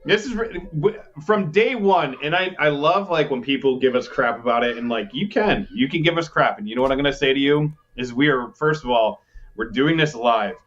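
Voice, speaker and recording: A man co-hosting a live podcast from home, talking in an animated, ranting way about his tech troubles. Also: medium pitch, normal speed, lo-fi sound, a little hiss or hum. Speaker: podcast co-host. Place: home with kids playing nearby.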